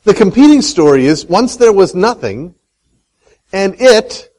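Animated man giving a lively talk. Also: sits high, a little slow, rough recording. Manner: animated, asks the audience questions, tells a folksy story. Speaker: speaker on Christian economics. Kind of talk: lively talk to a live audience.

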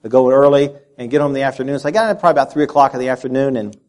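Male pastor, middle-aged, from Texas; animated storyteller at the pulpit, lots of restarts. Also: mid-range voice, very fast. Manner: animated storyteller, repeats words while speaking. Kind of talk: sermon with personal story.

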